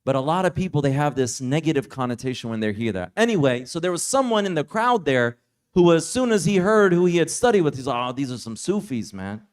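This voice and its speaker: A man with a somewhat high voice gives a religious lecture as a story. He talks casually and conversationally, leaning on "like" and "you know" as he recounts it. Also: big pitch swings, fast talker, clean tone. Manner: casual, conversational, heavy use of "like". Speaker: Islamic teacher. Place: summer retreat lecture.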